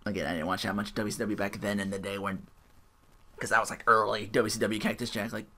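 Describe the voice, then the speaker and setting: A podcast host giving a solo recap with profane, ranting commentary, quick asides and laughs at their own jokes. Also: low voice, little pitch movement, sharp tone.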